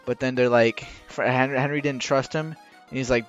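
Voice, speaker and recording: A man rambling through a casual explainer while drawing, halting with many restarts and rushing against a timer. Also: medium pitch. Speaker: video creator explaining game lore. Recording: dull lo-fi recording with faint music.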